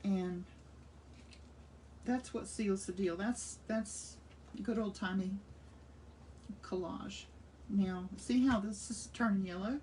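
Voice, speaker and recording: A woman's voice: medium pitch, slow pace, mellow, distant mic. A woman in her sixties chatting enthusiastically as she demonstrates a craft, thinking aloud while she works. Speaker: art instructor. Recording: voice slightly off-mic with faint room noise.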